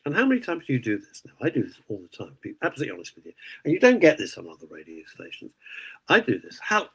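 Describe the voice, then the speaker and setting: A man's voice: lowish voice, wildly swooping pitch, racing, creaky, a bit bright, breathy edge, rough recording. A man hosting a radio show, ranting indignantly in casual opinionated chat. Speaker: radio host.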